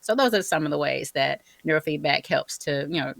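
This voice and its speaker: A woman's voice: deep voice, expressive, a little fast, vocal fry, no echo. A woman guest on a podcast, telling stories animatedly and acting out the people she quotes. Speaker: neurofeedback practitioner, guest. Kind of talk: conversational interview.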